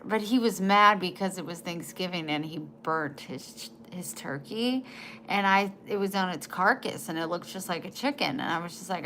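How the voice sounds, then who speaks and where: A woman in her forties chatting casually to camera, emotional and halting, often trailing off and starting again. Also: mid-range voice, lively intonation, fairly bright tone, a little hiss or hum. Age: 40s. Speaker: vlogger.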